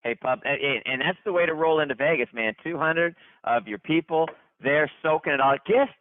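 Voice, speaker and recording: A man's voice: a little high, normal speed, slight background noise. Hyped man on a tinny phone line. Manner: hyped, repetitive, stumbling restarts. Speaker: company leader hosting a conference call. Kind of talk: upbeat conference call shout-outs.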